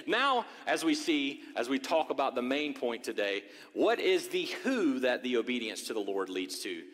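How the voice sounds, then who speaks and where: A man preaching a sermon as pastor, animated, swinging between loud declarations and hushed asides, with a conversational, joking manner. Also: mid-range voice, normal speed. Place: church sanctuary. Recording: long reverb of a church hall.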